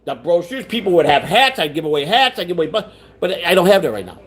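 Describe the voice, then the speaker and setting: This livestream host talks fast in a high, very animated voice. He rambles through the chat, going over the same points again, starting sentences over and reading out comments from viewers.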